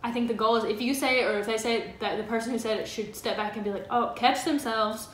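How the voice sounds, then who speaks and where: A woman co-hosting a casual advice chat with her partner, talking freely with lots of "like" and quick laughs. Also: on the high side, steady tone, echoey room, a little hiss or hum. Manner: chatty, laughs easily, filler 'like'. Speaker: co-host of a couple's channel.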